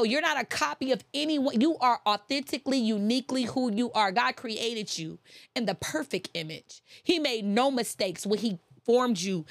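A woman's voice: a little high, creaky, no room sound. A woman giving a faith-based motivational talk, emphatic and repeating her key phrases. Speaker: motivational speaker.

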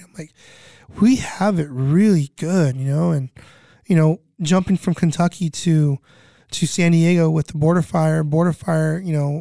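A man's voice: fairly high pitch, vocal fry, dark tone, no echo, clean studio sound. A man in his thirties telling stories from relief work in a casual chat, rambling with lots of fillers and swearing. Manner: rambling, many "you know" fillers, swears. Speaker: guest, disaster relief cook.

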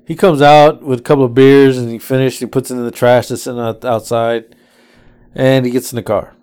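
This one is a man's clear, resonant voice, medium in pitch and a little fast. As a podcast co-host he tells rideshare stories casually, cursing freely and performing his passengers' voices with animation.

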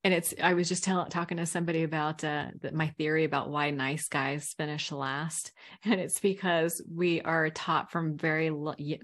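A middle-aged woman with a slightly low voice chats on a podcast as a recovery coach. She is frank and animated and laughs easily. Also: normal speed. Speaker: guest, recovery coach and speaker. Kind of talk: casual chat on a podcast.

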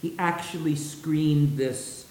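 Male preacher, dramatic sermon delivery, unhurried, recorded with a roomy echo. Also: steady tone, a little hiss or hum. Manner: dramatic, drops low and soft for quoted words.

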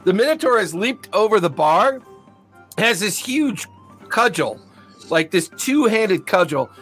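A man with a high voice narrates a tabletop game as game master, describing the scene and calling for rolls. He laughs easily as he talks. Faint music plays behind him. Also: sing-song, measured pace, fairly bright tone, slightly rough.

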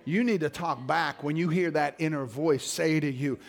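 A middle-aged male pastor preaching a sermon, dropping to low murmurs and climbing to shouted exhortation. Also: normal speed, vocal fry.

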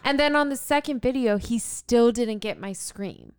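A woman's voice: a little high, normal speed, clear, resonant tone. A young woman telling a story in casual chat, acting out quotes, swearing and laughing as she goes. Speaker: podcast co-host telling a story.

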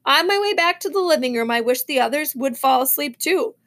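A woman reading a children's novel aloud in a lively storybook manner. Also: high voice, fairly quick. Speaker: reader.

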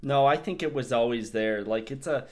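A man's voice: mid-range voice, normal speed. A man in easy, casual conversation with a mid-range voice. He laughs often and slips into mimicking voices for effect. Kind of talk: casual chat.

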